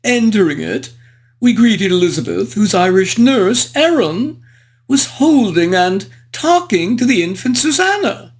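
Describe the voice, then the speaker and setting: A performer plays a frivolous, foppish English aristocrat, reviewing a book in character with flowery, old-fashioned, genteel language. The voice sits at medium pitch with big swings, and the pace is unhurried.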